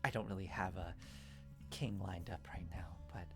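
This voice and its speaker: A woman playing a very low-voiced scheming cheerleader. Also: steady tone, normal speed, soft background music. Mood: sweetly persuasive. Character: confident teenage girl cheerleader, popular and scheming.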